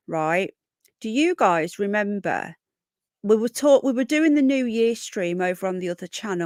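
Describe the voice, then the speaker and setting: A woman's voice: on the high side, no echo, clean studio sound. A woman with a Birmingham accent tinged with Yorkshire, rambling through a casual livestream chat and greeting viewers by name. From Birmingham, England. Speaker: livestream host. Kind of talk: casual live chat, reading comments.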